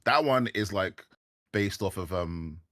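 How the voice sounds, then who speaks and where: Low, bright-toned London man, loose rambling chat, dry close mic. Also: expressive, slow, no echo. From England. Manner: rambling, full of fillers and restarts. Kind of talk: casual livestream chat.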